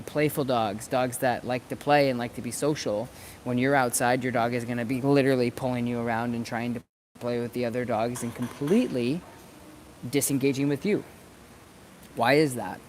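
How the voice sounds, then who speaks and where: A man's voice: mid-range voice, a little hiss or hum. A dog trainer talking casually to camera outdoors, repeating words as he works through his thoughts. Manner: conversational, repeats words while he thinks. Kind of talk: casual instructional talk to camera. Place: outdoors near planters.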